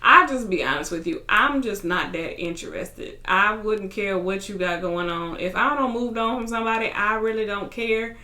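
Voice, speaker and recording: A woman's voice: medium pitch, normal speed, few pauses, bright, forceful tone, reverberant. A woman casually recapping a reality TV episode, chatty and retelling scenes in paraphrased quotes.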